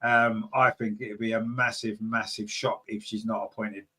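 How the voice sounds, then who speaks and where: A man hosting a fan podcast in casual, rambling chat, reading out viewer comments with many fillers and sudden excited jumps in pitch. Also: moderate pace, slightly rough. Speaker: podcast host.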